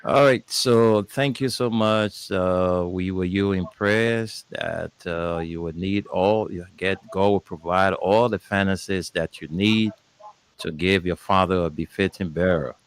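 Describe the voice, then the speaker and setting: A man co-hosting a radio show, talking casually and warmly, repeating his thanks and reassurances. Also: low-pitched, a little slow, clear, resonant tone, dry recording. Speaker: radio co-host.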